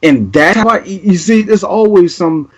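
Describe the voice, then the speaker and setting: A man's voice: high voice, animated, normal speed, husky. A man hosting a casual podcast chat, playful and teasing, laughing often. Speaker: podcast host.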